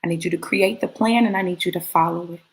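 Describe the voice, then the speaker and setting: A calm, loving God speaks softly and firmly, as a woman quotes him. The voice is reassuring, lowish and slightly gravelly. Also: fast, close to an everyday voice. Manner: firm, reassuring, quietly spoken.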